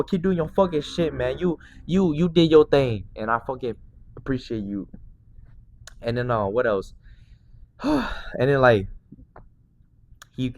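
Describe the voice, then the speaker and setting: A man in his twenties, a podcast host, telling a story in excited, slangy casual chat full of fillers. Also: mid-range voice, muffled recording. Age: 20s.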